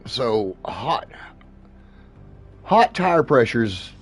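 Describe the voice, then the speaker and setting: A man's voice: medium pitch, sing-song, very slow, breathy edge, soft background music. A man casually talking racing tips while playing a racing sim, swearing freely and laughing often. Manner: profane, laid-back, laughs often. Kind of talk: casual gameplay commentary.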